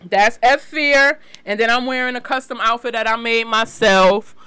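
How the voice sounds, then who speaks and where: A woman's voice: fairly high pitch, fairly even intonation, moderate pace, sharp tone, smooth, dry recording. A woman with a New York accent, a podcast guest and fashion designer, talking bluntly with slang and laughter. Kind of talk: casual podcast chat.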